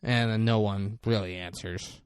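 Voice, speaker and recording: A man's voice: fairly low pitch, fairly even intonation, unhurried, clean tone, no echo. A man hosting a podcast, casually recapping a movie with profanity and jokes and mimicking the characters in exaggerated voices. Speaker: podcast host.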